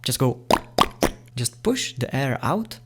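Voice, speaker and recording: A man teaching beginner beatbox sounds in a casual, playful tutorial, often excited and laughing. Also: mid-range voice, takes it slowly, heavy background noise.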